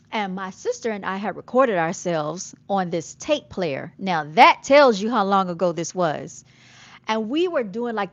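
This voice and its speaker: A woman's voice: medium pitch, no room sound. Woman with a Southern accent, livestream host, chatty, dry and dull lo-fi sound. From Jamaica. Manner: chatty, addresses viewers as y'all. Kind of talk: casual livestream chat reading comments.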